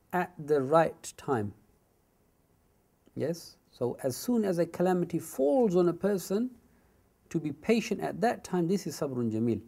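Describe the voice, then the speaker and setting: A man giving a Quran commentary lesson, reciting Arabic verses quickly and then explaining them in English with frequent asides. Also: on the high side, gravelly, dark tone.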